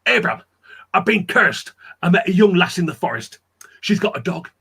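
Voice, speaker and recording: A man voicing a stricken peddler who shouts that he has been cursed, in rough dialect speech. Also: sits high, very animated, moderate pace, heavily acted. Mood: frantic.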